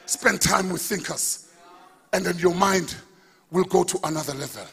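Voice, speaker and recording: A man preaching a sermon as pastor, building to shouted lines and calling out to the congregation. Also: high voice, moderate pace, creaky, breathy edge. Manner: preaching, rising to shouts, asking the congregation for responses.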